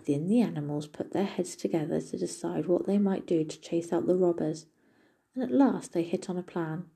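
Husky, very mellow woman storyteller. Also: on the low side, normal speed. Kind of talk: storybook narration.

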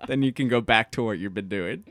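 A man's voice: lowish voice, fairly quick, dry recording, studio quality. A man co-hosting a podcast, reading a book summary aloud and cracking sarcastic jokes. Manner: joking, animated, sarcastic asides. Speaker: podcast co-host. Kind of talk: casual chat and summary reading.

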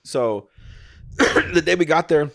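A man's voice: a little high, animated, takes it slowly, creaky, no echo, clean studio sound. Rambling man telling a story. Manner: rambling, acts out quotes, swears freely. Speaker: podcast host. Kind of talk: casual storytelling chat.

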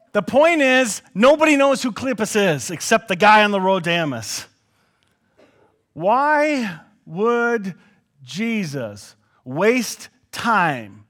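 Animated man preaching, lively voice. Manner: conversational, acts out quoted dialogue with swings in pitch and volume. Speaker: pastor. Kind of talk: sermon.

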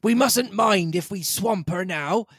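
Guy doing a bossy sea captain, high and barky, dry close sound. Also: unhurried, breathy edge, no echo, exaggerated voice. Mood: urgent, brisk. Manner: sharp barked orders, raised pitch. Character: commanding male ship's captain, brisk and bold.

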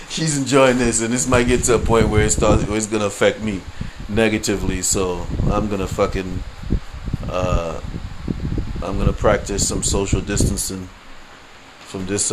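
A man's voice: fairly low pitch, steady tone, a little slow, noisy background. A man hosting his own podcast, ranting casually, swearing freely and tagging lines with "you know what I mean". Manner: laughs through stories. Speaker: podcast host. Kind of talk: casual solo rant.

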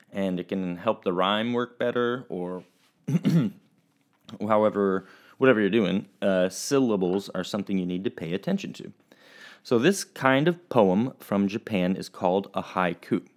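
A young man teaching children a recorded lesson, friendly and rambling, with restarts and fillers. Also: lowish voice. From Oregon, US.

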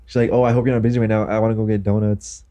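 A man's voice: fairly low pitch, little pitch movement, racing, warm tone. A man co-hosting a casual podcast chat, telling stories and swearing casually. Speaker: podcast co-host.

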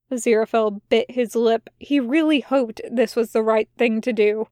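A woman reading a fan-fiction story aloud in a measured, unhurried narrating voice. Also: fairly high pitch, fairly even intonation, warm tone, no echo, studio quality. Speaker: fan audiobook reader.

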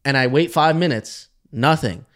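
Guy on a podcast rambling through a story, mid voice, lots of restarts, trails off quiet. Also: medium pitch, normal speed. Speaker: podcast co-host. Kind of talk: casual storytelling chat.

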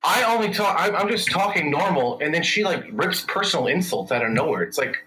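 A man's voice: on the high side, expressive, brisk, crowd noise. A man arguing insistently and sarcastically on a group call, repeating his point over and over. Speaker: castaway. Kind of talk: heated group video call argument. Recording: noisy mic.

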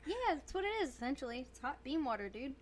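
Young woman co-host, playful casual banter, bright-ish higher voice, faint hiss behind. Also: lively intonation, quick pace. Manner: jokey, playful, says dude and y'all. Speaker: podcast co-host. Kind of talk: casual chat.

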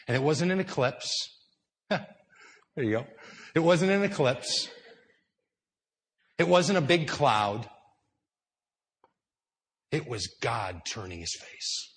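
A man of average pitch delivers a sermon inside a church hall. He tells the story dramatically, sinking to hushed, slow phrases and then rising to loud, emphatic lines. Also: lively intonation. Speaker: preacher. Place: indoor church hall with high ceiling.

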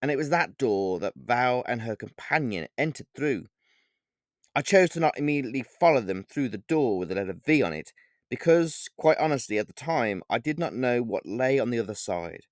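A man narrates his own novel in the first person, unhurried and full of explanatory asides. His voice sits at an ordinary male pitch. The recording is dry and close, with no room sound. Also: lively intonation, no echo. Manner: measured, explanatory storytelling with digressions. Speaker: author reading his novel.

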